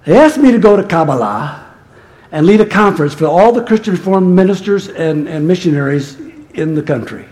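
A man's voice: sits high, expressive, a little fast, a little mellow. A male pastor preaching a sermon in a conversational storytelling manner that turns emphatic.

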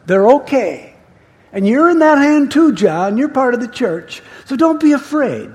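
Jesus as a preacher plays him, soothing and earnest, high pitched guy, slow words. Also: big pitch swings, a little mellow, heavily acted. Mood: reassuring. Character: Jesus, a gentle, reassuring man. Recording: reverberant hall.

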